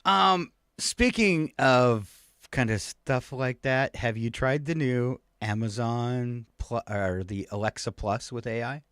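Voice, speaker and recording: A man's voice: medium pitch, takes it slowly, smooth, no echo, clean studio sound. A man co-hosting a morning radio show, chatting casually and telling stories with frequent laughter. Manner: animated storyteller, laughs often. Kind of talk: casual on-air banter.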